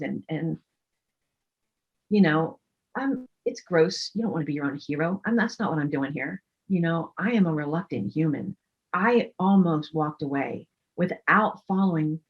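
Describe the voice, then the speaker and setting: A woman's voice: fairly low pitch, lo-fi sound. Earnest woman telling a personal story.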